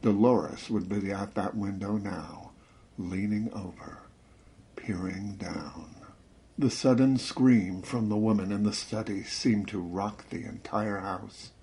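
A man narrating a suspense story in a measured, dramatic reading that slows and drops to a hush at tense moments. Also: lowish voice. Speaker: audiobook narrator.

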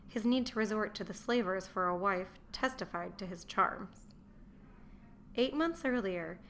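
A woman reading a historical novel aloud, measured and dry. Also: medium pitch, fairly bright tone, a little hiss or hum. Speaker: narrator. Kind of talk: audiobook narration.

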